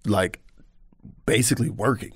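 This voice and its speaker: An American comedian appears as a guest, candidly sharing personal stories in an animated chat and acting out other people's voices. He speaks at a normal speed in a fairly low voice with a breathy edge.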